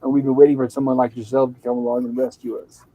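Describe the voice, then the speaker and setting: On a casual show, the host recaps an old TV episode, reading its lines aloud in a loose, chatty way. His voice is medium-pitched and mellow with little pitch movement, he talks fast, and the audio is poor.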